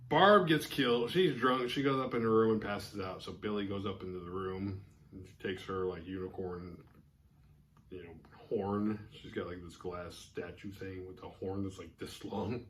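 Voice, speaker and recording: A man's voice: deep voice, normal speed, a little hiss or hum. A man casually recapping a horror movie, acting out the characters' lines as he tells it. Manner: animated, acts out characters' lines mid-recap. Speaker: horror movie podcast host.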